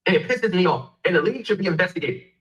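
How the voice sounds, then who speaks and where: A man's voice: high-pitched, expressive, fast talker, lo-fi sound. A man, ranting angrily and profanely about basketball. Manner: heated, profane, emphatic. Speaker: sports commentator. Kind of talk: angry rant.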